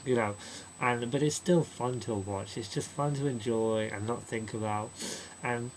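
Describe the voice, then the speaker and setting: A man giving a casual spoken film review, rambling and chatty, slipping into quick mocking impressions of characters. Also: mid-range voice, slight background noise, rough recording. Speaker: movie reviewer.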